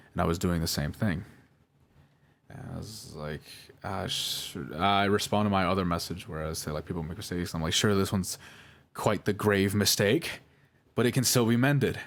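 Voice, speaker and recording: A young man nervously talking through old chat messages, rambling with many fillers and restarts and apologizing over and over. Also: sits low. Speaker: video creator reading out chats.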